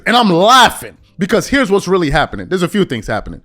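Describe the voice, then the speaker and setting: Animated high-voiced New sports talker. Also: male voice, fast. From New York. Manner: animated, slangy, acts out fans' voices. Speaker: podcast host. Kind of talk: casual sports commentary.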